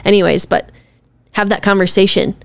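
Woman, podcast co-host, earnest and emphatic, dry close sound, mid pitch. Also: fairly even intonation, normal speed, creaky, no room sound. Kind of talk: casual podcast chat.

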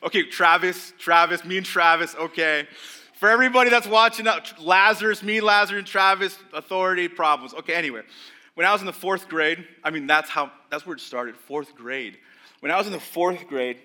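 A young man preaches a sermon in a very bright, forceful voice that sits a little high for a man. He talks in a loose, conversational way, full of asides to the congregation. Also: fairly quick. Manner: conversational, animated, acts out voices of religious leaders. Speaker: pastor.

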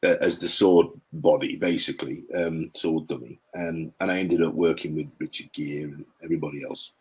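An older man telling rambling stories as an interview guest, with a low, husky voice. He pauses often and clears his throat between his memories. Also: steady tone. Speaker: actor, guest. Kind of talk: interview chat, storytelling.

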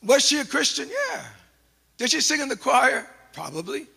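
A male pastor telling a funny personal story in a sermon, animated and self-mocking. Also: very high-pitched, moderate pace, vocal fry. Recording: long hall reverb.

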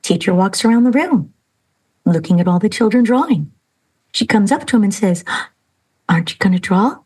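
A woman hosting a podcast, telling a story and speaking earnestly and emphatically, slowing down for emphasis. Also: medium pitch, animated, darkish tone, husky, rough recording. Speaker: podcast host. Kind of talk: storytelling and inspirational talk.

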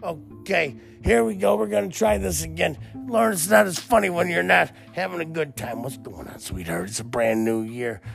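A middle-aged man hosting a casual comedy podcast, talking like a loud emcee who keeps saying "listen". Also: on the high side, animated, moderate pace, creaky, few pauses, soft background music. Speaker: podcast host.

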